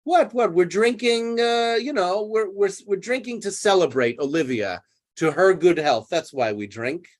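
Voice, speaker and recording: A man's voice: high voice, animated, normal speed. A man voicing a rude, boastful, drunken old knight who blusters indignantly. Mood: blustering.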